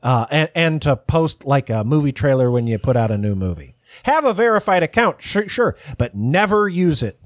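A man's voice: fairly high pitch, very animated, moderate pace, few pauses, no echo, clean studio sound. Rambling, profane podcast host man. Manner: rambling, profane, self-mocking. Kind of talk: casual chat.

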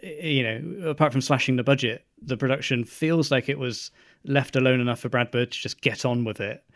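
A male interviewer who talks at an even, measured pace and softens his points with frequent hedges. His voice sits in a middle pitch and sounds dry and close to the mic. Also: no echo. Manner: measured, hedging with "sort of" and "kind of". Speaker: podcast host. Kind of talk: casual interview.

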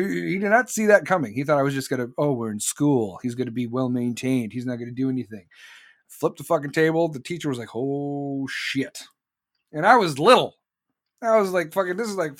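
Profane, blunt middle-aged man. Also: a little high. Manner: profane, blunt storytelling with laughs. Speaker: podcast host. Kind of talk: casual podcast monologue.

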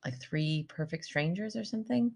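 Low-voiced chatty woman podcast host. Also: normal speed, gravelly. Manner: animated, laughs often, chatty. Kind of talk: casual chat.

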